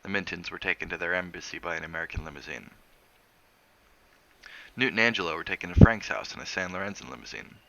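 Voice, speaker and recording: Deep, gravelly man reading a novel. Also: fast talker, long pauses, fairly bright tone. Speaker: reader of a novel on a stream.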